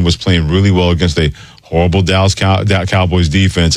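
A low-pitched male radio host speaking close to a studio mic. His voice sounds dry and direct. He moves easily between conversational talk and brisk promo reads. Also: dry recording. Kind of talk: sports talk radio hosting.

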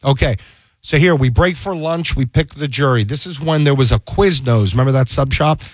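A man's voice: mid-range voice, moderate pace, no room sound. A man who is a defense attorney, telling a courtroom story in a casual interview. He acts out the dialogue he quotes, restarts often and keeps checking that the listener follows.

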